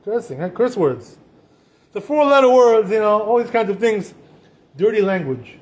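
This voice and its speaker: A rabbi gives a loose, conversational talk to a room of listeners, leaning on "you know" and "right?" at every turn. His voice sits fairly high for a man, and he jumps into animated little impressions to make a point. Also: moderate pace. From Israel. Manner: chatty, peppers speech with "you know" and "right?"; animated, acts out quoted voices. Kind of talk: informal Torah talk.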